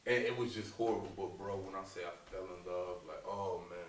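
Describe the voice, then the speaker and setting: Animated low-voiced man, echoey distance. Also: a little fast. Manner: animated, laughing, profane, slangy. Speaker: comedian guest. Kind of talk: casual interview storytelling. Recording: echoey room, distant mic, faint noise.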